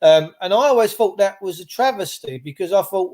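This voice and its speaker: A man's voice: a little high, brisk, few pauses, a little mellow. Host in his fifties, loose storyteller. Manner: rambling storyteller, swears casually. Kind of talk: casual chat.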